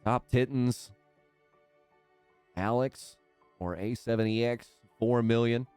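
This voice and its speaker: A man's voice: medium pitch, slow, a little mellow, clean tone, dry recording, faint music behind. A man hosting a live stream, calling out names in a hype sports-announcer manner.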